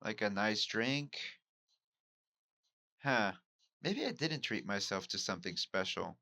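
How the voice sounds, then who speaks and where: Candid, self-questioning man with a low, bright voice. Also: expressive, slow, creaky, pauses often, no echo. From Mexico. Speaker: podcast host and amateur stand-up comic. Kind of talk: reflective solo monologue.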